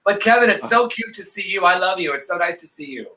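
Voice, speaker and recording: Bright-voiced, profane storytelling man. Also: high voice, lively intonation, quick pace, poor audio. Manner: profane, theatrical, acts out quoted voices. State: tipsy from vodka. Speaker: co-host. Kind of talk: casual storytelling on a live stream.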